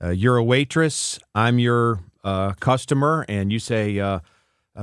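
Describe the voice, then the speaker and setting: A man's voice: fairly low pitch, a little slow, smooth, no room sound, studio quality. A man hosting a radio interview, chatting and probing with hypothetical examples. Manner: conversational, plays devil's advocate with hypotheticals. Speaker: radio host. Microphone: studio microphone.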